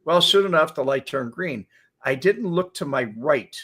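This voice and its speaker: An older man hosting a casual talk show, telling animated stories and laughing often as he acts out quotes. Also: a little high, moderate pace, breathy edge. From Chicago area. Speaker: show host. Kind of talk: casual storytelling chat.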